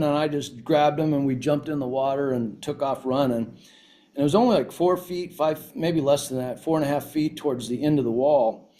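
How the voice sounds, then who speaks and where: A man's voice: a little high, fairly quick, mellow. A man guest on a podcast, telling a story with lots of restarts and fillers. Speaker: CEO guest. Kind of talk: casual storytelling interview.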